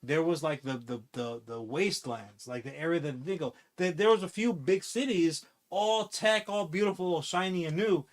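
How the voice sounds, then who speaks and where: A man chatting casually on a podcast, rambling and swearing as he pitches a movie idea with acted-out quotes. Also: moderate pace, hardly any pauses. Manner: rambling, profane, animated storytelling with acted-out quotes. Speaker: podcast co-host. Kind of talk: casual comic-book podcast chat.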